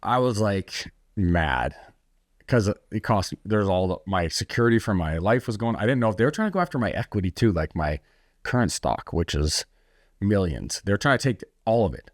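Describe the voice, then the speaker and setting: A man's voice: lowish voice, sing-song, moderate pace, dry recording, studio quality. A man telling his story as a podcast guest, blunt and intense, swearing freely and often restarting his sentences. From United States. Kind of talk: candid storytelling in a conversation.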